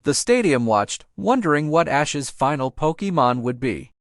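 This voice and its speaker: A man reading a fan fiction audiobook aloud in a steady storybook manner. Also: a little high, moderate pace, no echo, clean studio sound. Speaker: audiobook narrator.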